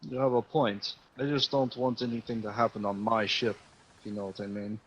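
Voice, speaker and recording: A man playing his character in a tabletop game, calm and measured. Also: fairly low pitch, a little hiss or hum. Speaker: player. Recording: dull lo-fi audio.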